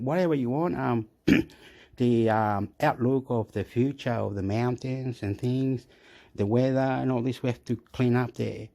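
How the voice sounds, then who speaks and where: A man from Chile, ranting in a rambling, excitable way as a vlogger who swears and laughs often, recorded on a phone. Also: mid-range voice, vocal fry. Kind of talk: casual rambling rant.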